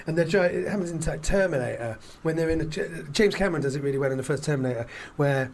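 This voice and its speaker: A man hosting a casual podcast chat, retelling film scenes in a rambling, animated way with lots of fillers. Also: on the high side, fast talker, slight background noise. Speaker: podcast host.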